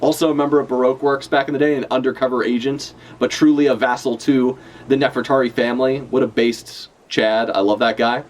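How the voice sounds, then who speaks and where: A man giving casual live reaction commentary as a streamer, animated and profane, laughing often as he talks. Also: medium pitch, brisk. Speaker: streamer reacting to a manga chapter.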